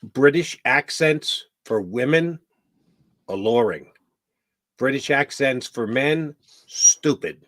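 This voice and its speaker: A man's voice: mid-range voice, lively intonation, takes it slowly, long pauses, a bit bright, no room sound. Guy hosting a sports talk show, casual jokey banter, dry close mic. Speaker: show host.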